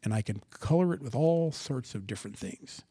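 A man preaching a sermon, asking the congregation rhetorical questions and swinging from quiet asides to loud, dramatic scripture reading. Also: mid-range voice, expressive, moderate pace, slightly rough, dry recording. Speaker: pastor.

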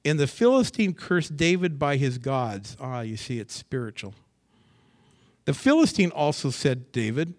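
A male pastor preaching a sermon, with a voice at a middle pitch. He reads scripture aloud and then comments on it. His delivery moves between soft, near-whispered asides and loud, rising bursts. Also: moderate pace. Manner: expressive preaching, swings from hushed asides to excited bursts. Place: church assembly.

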